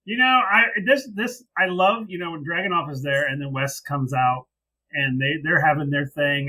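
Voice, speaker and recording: A man co-hosting a podcast in casual chat, animated and exasperated, often leaping into high-pitched mock quotes. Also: moderate pace, rough recording. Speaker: podcast co-host. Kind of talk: casual wrestling recap chat.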